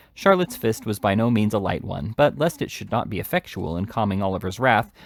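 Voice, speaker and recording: Low-voiced man reading a novel aloud. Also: no room sound. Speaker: hobby reader.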